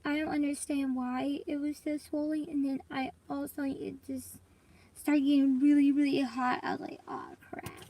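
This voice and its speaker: A woman's voice: high-pitched, little pitch movement, normal speed, warm tone, poor audio. A young woman vlogging in casual, rambling chat to her viewers, coughing and congested from allergies. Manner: rambling, chatty, addresses viewers as y'all.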